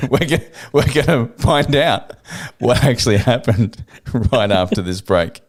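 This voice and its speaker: A man co-hosting a podcast in a mid-pitched everyday voice. He chats and jokes, acting out phone calls in his own voice. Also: expressive, slow. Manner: chatty, jokey, acts out calls. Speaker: podcast co-host. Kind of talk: casual chat.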